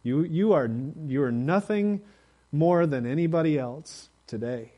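A man preaching a sermon in a conversational way, with plenty of fillers, building to loud emphatic urging at times. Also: a little high, a little slow, dull audio. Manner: conversational, rising to emphatic exhortation.

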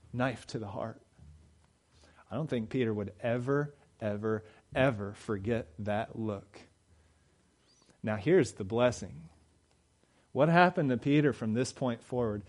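A man preaching a sermon, moving from quiet reflection to loud, fervent emphasis. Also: medium pitch.

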